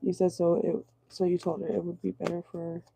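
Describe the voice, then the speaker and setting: A hoarse woman whose voice is going out, chatting casually as she reads viewer comments during a live tarot reading. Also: on the low side, little pitch movement, a little fast, dark tone, a little hiss or hum. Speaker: tarot reader. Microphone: phone or laptop in a car.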